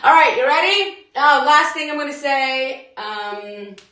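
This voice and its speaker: A woman's voice: high voice, unhurried, pushed and bright, recorded from a distance. A young adult woman leading a live workout class, chatting to viewers in a casual, laughing way. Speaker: fitness instructor. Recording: very echoey room, voice from afar.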